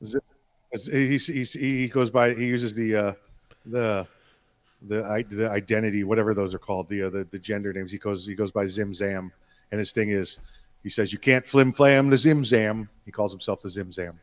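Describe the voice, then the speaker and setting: A man's voice: on the low side, little pitch movement, moderate pace, no echo. A man co-hosting a political talk podcast, joking and wisecracking in casual banter. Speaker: podcast co-host.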